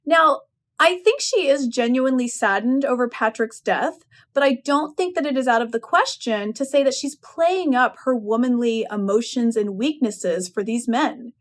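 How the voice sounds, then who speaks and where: High-voiced woman explaining a story. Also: normal speed. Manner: expressive, opinionated retelling. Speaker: English professor. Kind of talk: literary analysis lecture.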